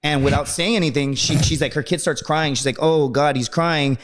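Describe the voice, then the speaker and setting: Fast-talking profane storyteller man. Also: on the high side, steady tone, faint music behind. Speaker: guest. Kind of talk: casual storytelling.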